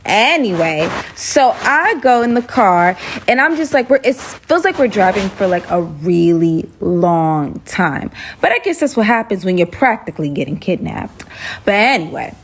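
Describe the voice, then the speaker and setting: Animated young woman telling a story. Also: mid-range voice, moderate pace, a little hiss or hum. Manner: animated, chatty, dramatic asides. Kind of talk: casual storytime monologue.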